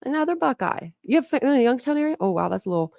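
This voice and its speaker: Racing along with a very animated delivery, this woman's high-sitting voice is gravelly yet darkish in tone. She's an Ohio native with Philadelphia family influence in her accent, hosting a live stream commentary channel where she rambles loosely with viewers, using many fillers and laughing often. There's no room sound, and the studio audio is clean.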